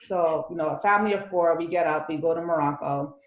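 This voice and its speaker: A woman recounting her experiences on a panel in a measured way, with frequent fillers. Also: deep voice, highs cut off. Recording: roomy echo.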